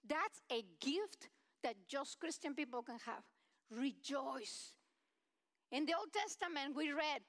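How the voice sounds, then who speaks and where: Woman preacher, very high voice, passionate sermon delivery, second-language English. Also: lively intonation, takes it slowly. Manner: impassioned, swings from loud to soft.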